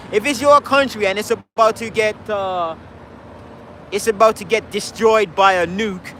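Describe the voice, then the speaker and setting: A man holds forth outdoors in a heated, rhetorical street speech, throwing challenges at the crowd. His voice sits high and bright, pressing hard on every point. Faint traffic hums in the background. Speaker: street speaker. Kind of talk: impassioned street debate speech. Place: outdoors in a city park.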